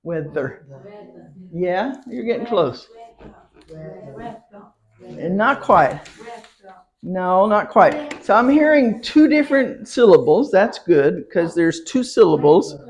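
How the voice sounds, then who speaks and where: Female ESL teacher, American accent, unhurried and patient, drilling pronunciation in class. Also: medium pitch, sing-song, a little mellow. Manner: slow, patient, repeats words for learners.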